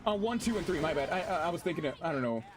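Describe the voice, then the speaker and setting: A man streaming a game, chatting casually with his audience in an excitable, chatty way and swearing freely. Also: fairly high pitch, very fast, background noise. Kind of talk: casual gameplay commentary.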